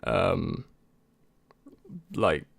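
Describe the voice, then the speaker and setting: A man's voice: sits low, very slow, vocal fry, no echo, clean studio sound. A young man and YouTube creator in casual chat, answering viewer questions in a rambling, hesitant way with many restarts.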